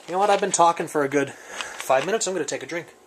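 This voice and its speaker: A man's voice: fairly high pitch, fast, very noisy. A man casually reviewing his survival gear on camera, rambling and joking in an off-the-cuff way. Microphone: camera mic, speaker off-frame.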